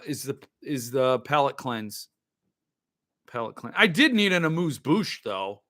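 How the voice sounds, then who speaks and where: A man's voice: mid-range voice, sharp tone. A man hosting a podcast, rambling in loose, joking casual chat while he opens and drinks wine. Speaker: podcast host.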